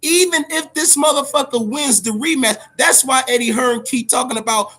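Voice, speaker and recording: A man hosting a casual boxing vlog, talking in a profane, animated rant with laughing asides. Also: very high voice, normal speed, hardly any pauses. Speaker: boxing vlogger.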